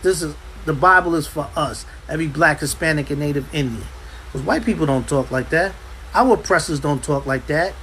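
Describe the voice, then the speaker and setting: A man teaching a Bible class in an impassioned preaching style, forceful and hammering points home by repeating himself. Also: on the high side, a little fast, slight background noise, poor audio. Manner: forceful, repeats "understand" for emphasis. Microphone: livestream.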